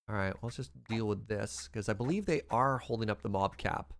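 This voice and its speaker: A young man from Western Canada chatting casually while streaming a game, quick to laugh and reading out chat. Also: fairly low pitch. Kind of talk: casual gameplay livestream chat.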